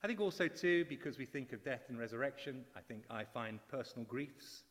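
Man preaching in a reverberant church. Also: fairly quick. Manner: warm, animated storytelling with sudden high excited bursts. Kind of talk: sermon. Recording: church hall with long reverb.

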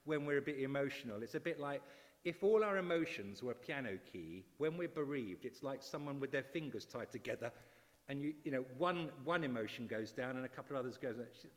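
A middle-aged man preaching a sermon, telling stories with animated, excitable bursts. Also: a little fast. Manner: warm, animated storytelling with sudden high excited bursts. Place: church. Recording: church hall with long reverb.

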